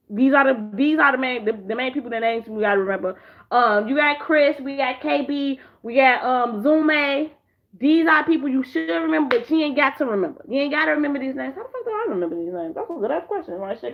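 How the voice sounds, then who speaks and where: A young woman reviews shows from a chair at home, chatting casually in a profane, storytelling way. Her brisk, high voice breaks into squeals as she acts out characters, and she swears often. The highs in the recording are cut off.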